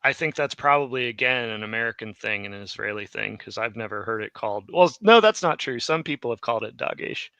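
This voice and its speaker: Tired man teaching with bright, dry voice. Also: mid-range voice, animated, fast talker, hardly any pauses, clean tone, dry recording, low-quality recording. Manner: rambling, self-correcting explanations. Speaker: Hebrew teacher and stream host. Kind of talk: live online lesson. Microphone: streaming mic.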